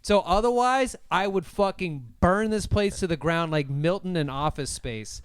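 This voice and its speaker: A man's voice: sits high, normal speed, hardly any pauses, clean tone, no room sound. A young man co-hosting a comedy podcast, riffing in mock-angry profane rants. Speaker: podcast co-host. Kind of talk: casual comedy podcast chat.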